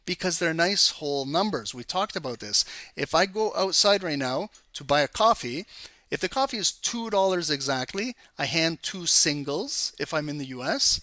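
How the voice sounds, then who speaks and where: A man who teaches trading, walking viewers through a live market analysis in an energetic, chatty way that teases the audience. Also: a little high, normal speed, no room sound. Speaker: trading educator.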